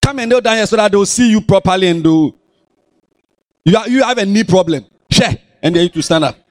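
Here the Ghanaian pastor's voice sits high and moves a little quickly, with no room sound. He is animated and playful as he scolds and teases the churchgoers during his sermon.

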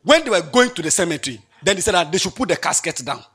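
A man preaching a sermon, reading scripture in a lilting, sing-song way and swinging between loud bursts and near-murmurs. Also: high voice, sing-song, quick pace, breathy edge.

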